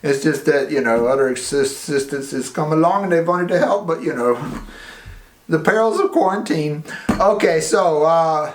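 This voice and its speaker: A man hosting a playful children's science demonstration, teasing his assistant with big swings of pitch. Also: moderate pace, slight background noise. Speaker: children's science show host. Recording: echoey room.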